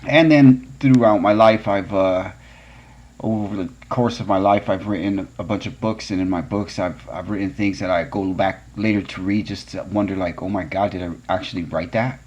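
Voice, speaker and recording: A man's voice: fairly low pitch, steady tone, moderate pace, a little mellow, lo-fi sound. A man hosting a podcast, telling a personal story in an earnest, conversational way. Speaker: podcast host.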